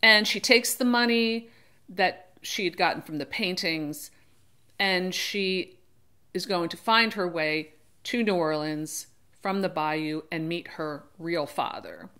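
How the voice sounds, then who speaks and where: A woman's voice: on the low side, slow, bright, forceful tone, clear, resonant tone. A woman hosting her own channel, chatting casually through a book discussion and often correcting herself as she goes. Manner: chatty, digressive, often restarts and self-corrects; acts out characters in brief quoted voices. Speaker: book reviewer and channel host.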